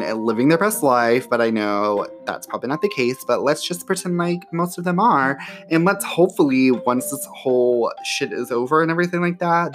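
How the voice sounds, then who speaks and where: A man hosting a casual solo podcast from home, chatty and profane, with lots of fillers. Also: mid-range voice. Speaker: podcast host. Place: home near an airport.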